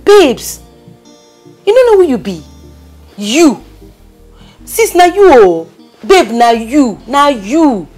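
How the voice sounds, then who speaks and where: An actress playing a loyal, bossy best friend with a Nigerian accent in a film drama, talking insistently and repeating herself. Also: female voice, high-pitched, sing-song, slow, pauses often, a little mellow, faint music behind, exaggerated voice. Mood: coaxing. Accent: Nigerian, with Pidgin English. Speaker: consoling friend.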